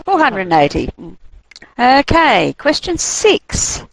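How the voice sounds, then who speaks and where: A woman hosting a quiz on a course broadcast, reading the questions and options slowly and deliberately, often giggling. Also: fairly high pitch, big pitch swings, vocal fry, low-quality recording.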